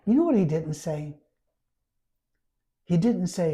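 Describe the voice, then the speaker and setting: Mellow-voiced man preaching conversationally. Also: high-pitched, animated, slow, pauses often. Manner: emphatic, repeats key phrases. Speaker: preacher and Bible storyteller. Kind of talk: conversational sermon.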